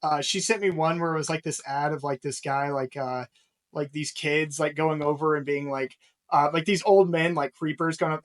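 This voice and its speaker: A man's voice: on the high side, fairly even intonation, moderate pace. A man talking as a podcast guest, rambling with lots of fillers and frequent laughter. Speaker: guest, real estate investor. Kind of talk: casual podcast interview.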